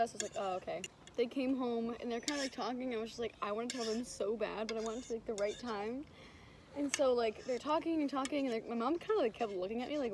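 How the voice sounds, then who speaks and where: A young woman chats casually for her vlog, telling a story with lots of acted-out quotes. Her voice sits a bit high. There is steady noise in the background of the recording. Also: fast talker. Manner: animated storytelling, acting out quotes. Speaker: vlogger. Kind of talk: casual chat. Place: vacation house near a beach. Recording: noisy background.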